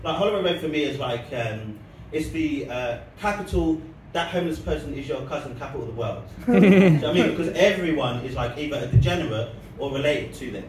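A man's voice: a little high, expressive, brisk, hardly any pauses, a crowd in the background. A man doing a rambling, laugh-filled stand-up set and comedy vlog. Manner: rambling, laughing between lines. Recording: echoey, distant mic, noisy background.

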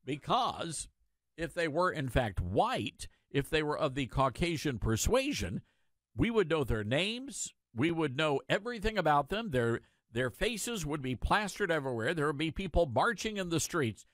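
A man's voice: fairly high pitch, big pitch swings, normal speed, a bit bright, no room sound, studio quality. A man hosting a radio talk show, delivering a sarcastic, rhetorical opinion monologue.

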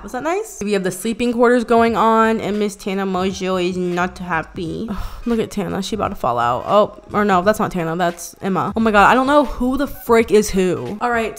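A young woman YouTuber giving casual gameplay commentary, chatty and excitable, swearing often and mocking herself. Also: mid-range voice, normal speed, few pauses.

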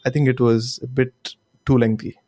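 A man's voice: mid-range voice, little pitch movement, moderate pace, dark tone. A man co-hosting a motorsport podcast who gives candid opinions in a plain, hedging way with fillers. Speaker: podcast co-host. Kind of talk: casual chat.

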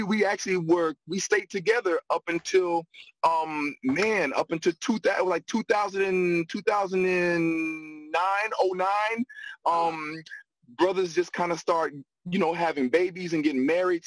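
Male actor guest, slightly high voice, animated, laughs a lot, dry studio sound. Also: no echo, poor audio. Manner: animated, laughs often, repeats phrases. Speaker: guest, actor and acting coach. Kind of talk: storytelling in a casual interview.

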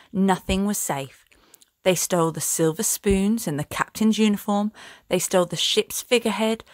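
A teacher reading a children's storybook aloud in a slow, expressive storytelling voice. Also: female voice, fairly low pitch. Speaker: infant school teacher.

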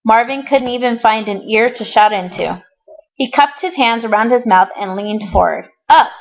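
A woman reading a children's storybook aloud with clear, even storytelling and the occasional small slip. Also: a little high, moderate pace. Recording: dull lo-fi recording.

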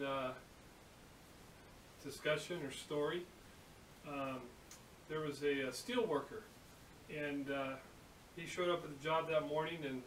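A man hosting a workshop video, chatting casually and telling a story in a relaxed, rambling way. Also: fairly high pitch. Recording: echoey room from a distance, hiss.

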